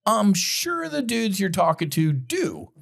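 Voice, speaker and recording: A man's voice: high voice, wildly swooping pitch, slow pace, gravelly, fairly bright tone. Fired-up middle-aged male podcast host. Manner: emotional, blunt, profane, addresses listeners directly. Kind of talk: impassioned commentary monologue.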